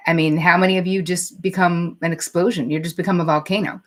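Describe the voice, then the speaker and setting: A woman's voice: fairly low pitch, little pitch movement, fast talker, hardly any pauses, fairly bright tone. A woman psychotherapist hosting a live-streamed talk, speaking candidly and conversationally, swearing casually and reading out viewer comments as she goes. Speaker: psychotherapist and show host.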